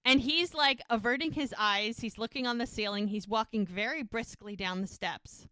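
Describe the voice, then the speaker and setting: A woman's voice: on the high side, moderate pace, fairly bright tone, no room sound. A woman co-hosting a podcast, casually retelling TV scenes and quoting the characters' lines. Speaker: podcast co-host recapping episodes. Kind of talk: casual recap chat.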